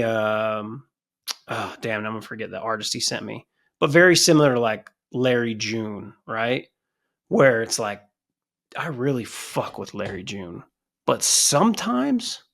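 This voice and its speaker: A man's voice: medium pitch, gravelly. A man co-hosting a wrestling podcast, rambling and swearing in casual chat. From United States. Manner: rambling, profane, animated. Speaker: podcast co-host.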